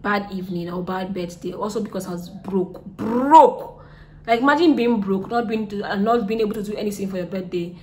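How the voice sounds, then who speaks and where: A young woman with a Nigerian accent telling a storytime vlog, chatty, repeating herself and drifting soft and subdued. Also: mid-range voice, fast talker, few pauses. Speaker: vlogger.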